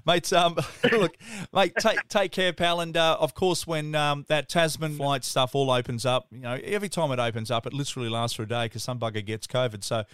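A man's voice: mid-range voice, steady tone, a little fast, few pauses, fairly bright tone, clean tone, no room sound, studio quality. A man with an Australian accent hosting a podcast in casual, enthusiastic chat, often calling the other speaker mate. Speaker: podcast host.

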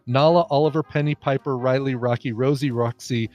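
A man co-hosting a casual podcast chat, reading lists briskly and laughing often. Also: mid-range voice, fairly even intonation, dull audio, faint music behind. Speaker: podcast co-host.

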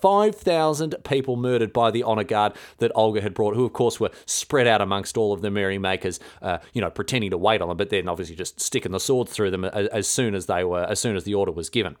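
A man telling a history story in a casual, irreverent, slangy way, full of fillers. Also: lowish voice. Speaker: history podcast host.

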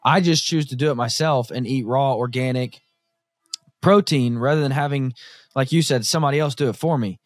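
A man hosting a podcast in casual conversation, with a mid-pitched voice. He is blunt and opinionated, and the sound is dry and close. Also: fairly quick, no room sound. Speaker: podcast host.

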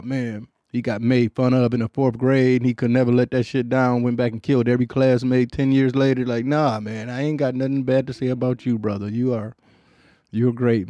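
A man's voice: medium pitch, warm tone, dry recording. A middle-aged man hosting a podcast, telling stories in a rambling, profane, laid-back way with a Detroit accent. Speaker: podcast host. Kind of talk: casual storytelling chat.

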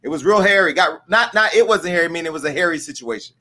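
A high-pitched man with a bright, sharp edge to his voice holds forth as a show host. He rambles from one bawdy joke to the next in a loose, unscripted monologue. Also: lively intonation, fast. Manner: bawdy, rambling, joking asides. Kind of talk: casual crude comedic monologue.

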